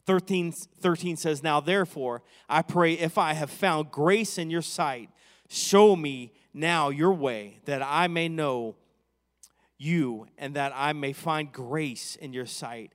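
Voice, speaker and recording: Man preaching in a reverberant church. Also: high voice. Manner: reads verses slowly, then preaches with rising loudness. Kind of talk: sermon reading scripture and preaching.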